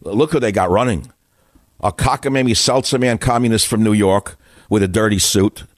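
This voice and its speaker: A man's voice: lowish voice, normal speed, no room sound, clean studio sound. An older man hosting a radio talk show, delivering a combative, sarcastic, rambling monologue full of insults. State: winded.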